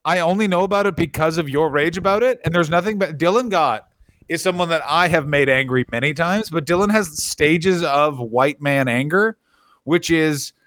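A man's voice: fairly high pitch, normal speed, fairly bright tone. A man co-hosting a comedy podcast, teasing his partner with sardonic, profane jokes. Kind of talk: casual comedic chat.

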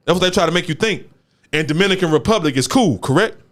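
A man's voice: high voice, lively intonation, fast, fairly bright tone. A man hosting a casual talk show, speaking emphatically in street slang and repeating words for stress. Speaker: show host. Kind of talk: casual chat.

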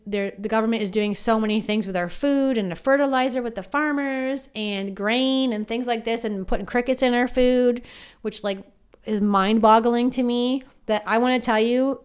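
A woman's voice: a little high, clear, resonant tone. A woman hosting her own podcast as a psychic medium, talking in a chatty, rambling way full of asides and fillers. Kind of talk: casual podcast monologue.

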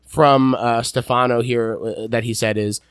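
Podcast host guy, middle-pitched, easygoing, super dry close sound. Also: a little slow, clear, resonant tone, dry recording. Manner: relaxed, reads out production facts, laughs easily. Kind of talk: casual film discussion.

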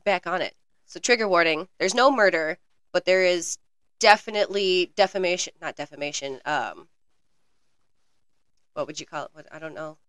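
A woman's voice: fairly low pitch, normal speed, long pauses, fairly bright tone, dry recording. A woman co-hosting a casual podcast, laughing easily and cheering her partner on. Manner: giggly, enthusiastic, swearing. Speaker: podcast co-host.

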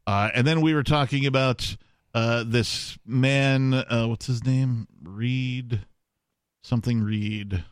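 A man's voice: mid-range voice, steady tone, slow, clean tone, no room sound. A man hosting a casual talk radio show, chatting with fillers and asides. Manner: conversational, drawls with fillers. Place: radio studio.

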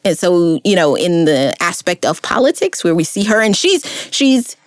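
A woman's voice: on the low side, big pitch swings, normal speed, no room sound. A woman co-hosting a podcast, chatting casually and emphatically with lots of fillers. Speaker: podcast co-host. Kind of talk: casual chat.

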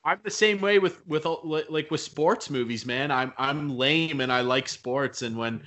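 A man co-hosting a casual chat, animated and jokey, poking fun at himself. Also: a little high, normal speed. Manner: animated, jokey, self-deprecating. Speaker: co-host.

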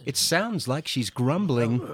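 A man narrating a rhyming children's story in a gentle, rhythmic way. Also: mid-range voice, animated, slow.

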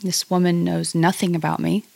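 A middle-aged woman talks as a podcast guest, her voice low with a gravelly edge. She speaks reflectively and haltingly, restarting her sentences often. The sound is dry and close. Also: little pitch movement, a little mellow, no room sound. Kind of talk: personal conversation about grief.

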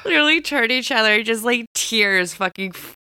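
Female co-host, slow and bright-toned, casual and profane, dry mic. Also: a little high, lively intonation, clear, resonant tone, no room sound. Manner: slow, laughing, swears casually. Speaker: podcast co-host. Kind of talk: casual chat reviewing an anime.

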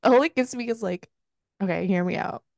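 A woman's voice: mid-range voice, fairly quick, vocal fry, darkish tone, no room sound, clean studio sound. A woman hosting a casual book club podcast, laughing and candidly retelling scenes with quoted lines. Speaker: podcast host recapping a book.

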